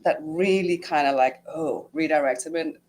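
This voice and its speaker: Middle-aged woman, low voice, casual storytelling, emotional, lots of fillers. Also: moderate pace, darkish tone, a little hiss or hum. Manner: emotional, many fillers and acted-out inner quotes. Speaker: guest sharing her retreat experience.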